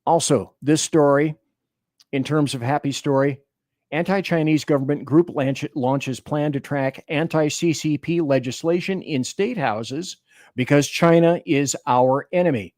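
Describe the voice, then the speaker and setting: A man's voice: a little high, a little slow, a little mellow, dry recording, studio quality. A man hosting a political radio show, giving emphatic, opinionated commentary and reading articles and chat aloud.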